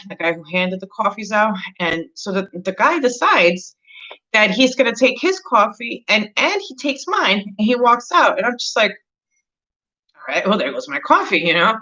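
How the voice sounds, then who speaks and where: A woman's voice: medium pitch, pushed and bright, muffled recording. A woman hosting an astrology channel, chatting casually and rambling with lots of fillers as she tells a story. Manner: rambling, many fillers, gets heated retelling a story.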